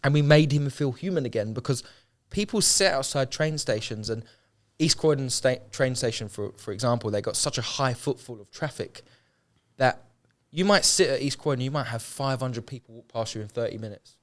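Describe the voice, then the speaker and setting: A man's voice: medium pitch, normal speed. A young man, telling his story in an interview in an earnest, heartfelt, colloquial way, often repeating phrases for emphasis. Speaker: homeless charity founder. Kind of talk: emotional podcast interview.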